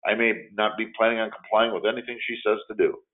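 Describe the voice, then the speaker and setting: Older male trainer, deep voice, animated storyteller, tinny phone-quality audio. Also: quick pace. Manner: lively storytelling, acting out scenarios. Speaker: workplace de-escalation trainer. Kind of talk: training presentation. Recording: narrow phone-like sound.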